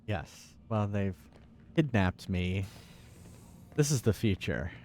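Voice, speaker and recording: Joking male streamer, lively low voice. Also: slow pace. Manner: joking, playful, talks to the screen. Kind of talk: casual game commentary.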